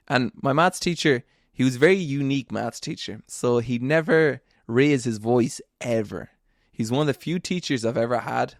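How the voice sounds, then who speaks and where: A man's voice: mid-range voice, gravelly, dry recording, clean studio sound. A young man, talking alone in a casual, earnest, storytelling way with self-deprecating asides. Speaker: podcast host. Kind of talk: casual monologue.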